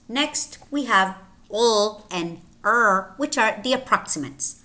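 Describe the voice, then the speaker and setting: A woman teaching English pronunciation, saying each example word slowly and clearly, often twice. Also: mid-range voice, animated, pushed and bright. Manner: slow, deliberate, repeating each word twice. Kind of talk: phonetics lesson with word drills.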